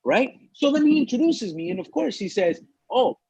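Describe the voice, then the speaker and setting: A comedian from Los Angeles telling a story in casual chat, animated and profane, acting out the people he quotes. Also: extremely high pitch, brisk, husky, no room sound. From Los Angeles, USA. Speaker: comedian podcast co-host. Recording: dull lo-fi dry sound.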